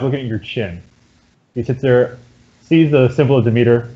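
A man running a tabletop game as game master, describing scenes in a relaxed way. His voice sits in a middle register, and the recording sounds dull and lo-fi. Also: mid-range voice, a little fast.

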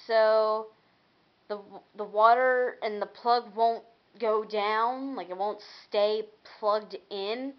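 A woman's voice: medium pitch, steady tone, slow pace, highs cut off. A young woman chatting casually on a vlog, rambling and venting about her week, laughing and swearing as she goes. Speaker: vlogger.

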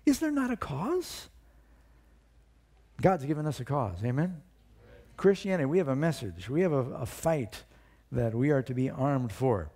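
A male pastor preaching a sermon, retelling a story with lively storytelling and questions for the congregation. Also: mid-range voice, normal speed.

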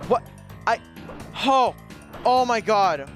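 A man's voice: high-pitched, lively intonation, moderate pace, fairly bright tone. Young man ranting over game music. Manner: frustrated, profane ranting at the game. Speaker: let's play gamer. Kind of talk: live gameplay commentary.

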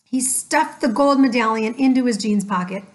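A woman narrating a children's chapter book aloud in a gentle, measured way. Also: fairly high pitch. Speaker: storyteller. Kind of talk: scripted storybook narration.

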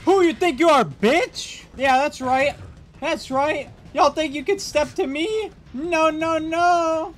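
A man's voice: slow pace, a little hiss or hum. A man putting on a boastful, taunting voice as the top alien killer in a multiplayer horror game, with game music behind him. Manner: boastful, taunting, high and loud. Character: cocky trash-talking male alien killer. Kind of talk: in-game trash talk.

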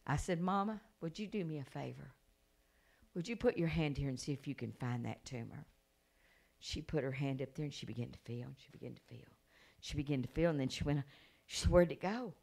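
Woman preacher telling a miracle story, gets loud and excited, swings high and low. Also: moderate pace, vocal fry. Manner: storytelling with acted quotes, building to shouted praise. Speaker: evangelist. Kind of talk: sermon testimony.

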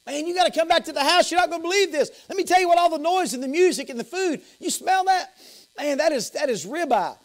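A man voicing an excited young male servant, stammering and gushing with news in a sermon story. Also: high voice, normal speed, hardly any pauses.

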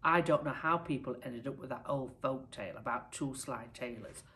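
A woman teacher from the United Kingdom reading a picture book aloud to pupils with lively expression. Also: extremely low pitch, normal speed, slight background noise. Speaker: primary school teacher.

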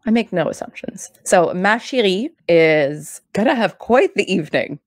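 Giggly animated young woman podcaster. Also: mid-range voice, moderate pace, no echo. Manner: animated, giggly, acts out quotes. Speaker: podcast co-host. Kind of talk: casual chat recapping a show.

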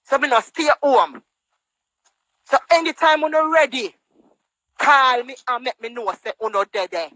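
Talking at a normal pace but pausing often, this Jamaican woman sounds pushed and bright as she angrily rants in patois on a phone live stream. She scolds and mocks, quoting others in a higher voice, and the poor audio has no echo.

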